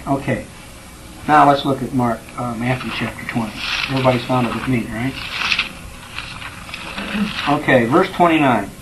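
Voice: mid-range voice, moderate pace, pauses often, noisy background. A Bible class teacher leading a study, who reads scripture, retells it in everyday words and keeps checking in with the class.

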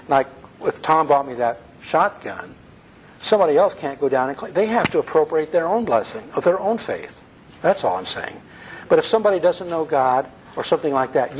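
A man's voice: fairly high pitch, slight background noise, rough recording. A man giving a conversational sermon, earnest, often asking his listeners questions. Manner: earnest, asks the audience questions. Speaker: preacher.

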